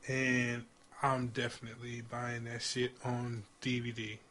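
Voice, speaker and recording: A man's voice: mid-range voice, level tone, measured pace, pushed and bright. A man co-hosting a podcast, chatting casually with slang and some stumbling restarts. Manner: enthusiastic, slangy, trips over his words. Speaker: podcast co-host. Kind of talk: casual chat.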